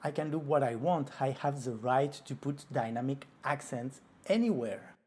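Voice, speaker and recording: Male flamenco teacher, husky voice, patient tutorial delivery. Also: mid-range voice, normal speed. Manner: explains calmly, breaks off to vocalize rhythm syllables. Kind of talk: tutorial explanation.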